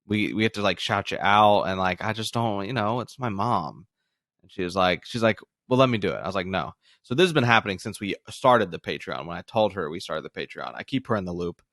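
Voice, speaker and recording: A man's voice: sits low, lively intonation, fairly quick, a bit bright, no echo, clean studio sound. A young man co-hosting a casual sports podcast, talking in a loose, rambling way. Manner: rambling, loose, with many restarts. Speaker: podcast co-host.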